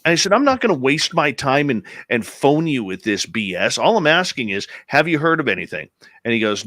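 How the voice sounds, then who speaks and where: A Canadian radio host with a medium-pitched voice tells a story briskly in casual chat, animatedly quoting the people involved. There's no room sound.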